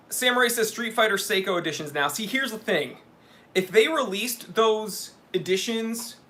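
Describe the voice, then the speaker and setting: A man hosting a live question-and-answer stream, reading viewer comments aloud in an excitable, laughing way. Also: high voice. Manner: hyped and excitable, laughs often. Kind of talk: casual livestream chat, reading viewer comments.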